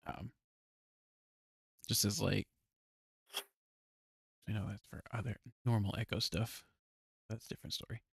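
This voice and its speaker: A man's voice: lowish voice, steady tone, a little slow, creaky, pauses often, a little hiss or hum. A man chatting casually as a tabletop game master, rambling and hesitant, often breaking into laughter. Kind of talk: casual podcast chat.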